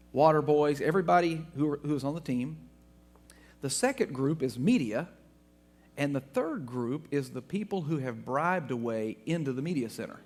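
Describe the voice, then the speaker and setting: A man from Texas, a guest speaker, telling funny anecdotes to an audience in an animated way. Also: fairly high pitch. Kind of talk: storytelling talk to an audience.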